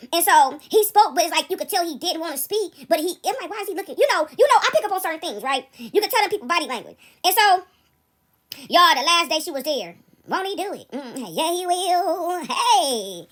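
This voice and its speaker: A young woman spins a casual story straight to her audience, her voice high and bright. She talks fast, swings all over her pitch range, and laughs along the way. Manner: animated, laughs often, talks to the audience directly.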